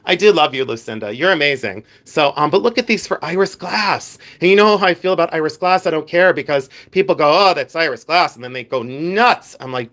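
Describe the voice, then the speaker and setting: A man's voice: a little high, expressive, fairly quick, few pauses, a bit bright. A man with a Pennsylvania Dutch accent hosting a casual livestream, chatting and reading viewer comments aloud with rambling asides. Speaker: livestream host.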